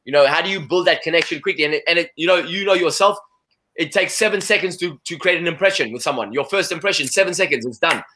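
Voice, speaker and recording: Fast, bright-voiced man talking energetically. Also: fairly high pitch. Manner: energetic, repeats "you know" often. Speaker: interview guest. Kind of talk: casual conversational interview.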